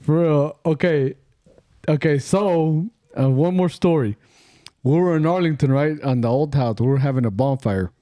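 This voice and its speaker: Man, middle-aged, podcast host, casual storytelling, slangy and profane, dark mellow tone, dry sound. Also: on the high side, moderate pace, no echo. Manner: rambling, profane, slangy, mixes in Spanish phrases. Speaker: podcast host telling stories.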